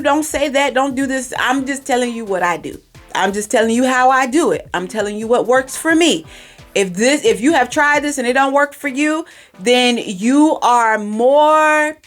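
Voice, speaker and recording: Female podcast host, emphatic and direct, slightly high voice, faint music bed. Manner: direct, emphatic, repeats herself for stress. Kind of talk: casual parenting advice monologue. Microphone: recorded for podcast and video, facing camera.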